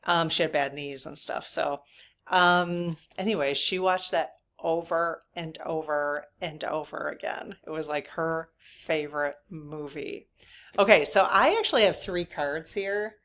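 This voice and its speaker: Woman in her fifties, spiritual reader, rambling casual chat, slightly low voice. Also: a little slow, a bit bright. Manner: chatty, laughing, rambling with asides.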